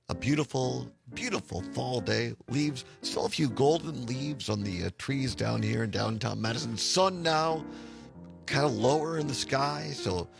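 A man hosting a talk radio show from a studio, chatting and laughing easily with a hoarse voice. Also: medium pitch. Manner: laughs often, warm easygoing rambling. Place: radio studio in an office building.

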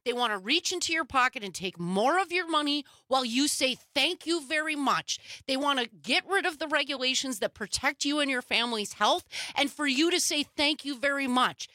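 A woman's voice: sits high, animated, fairly quick, hardly any pauses, sharp tone, no echo, clean studio sound. A woman panelist on a political talk show, heated and emphatic.

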